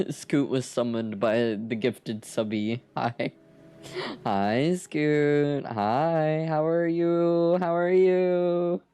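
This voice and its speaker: A man's voice: on the high side, steady tone, drawn-out words, warm tone, clean tone. A man chatting casually with his viewers on a live art stream, playful and teasing, swearing freely. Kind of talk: casual live stream chat while drawing.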